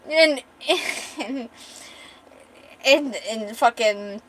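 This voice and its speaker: Woman streamer, relaxed storyteller; a little high, casual, giggly. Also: drawn-out words, a little hiss or hum, low-quality recording. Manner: chatty, laughs often, swears casually.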